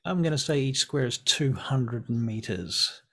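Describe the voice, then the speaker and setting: A man narrating as game master of a tabletop game, halting and searching for words as he describes scenes. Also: mid-range voice, animated, creaky, pushed and bright.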